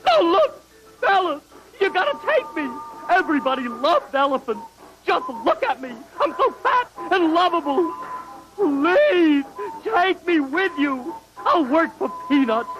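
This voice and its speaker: A man's voice: very high-pitched, heavily acted, rough recording. A man voicing a whiny, self-pitying young male elephant in a 1950s cartoon, pleading and dramatic. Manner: dramatic, pleading, tantrum-prone.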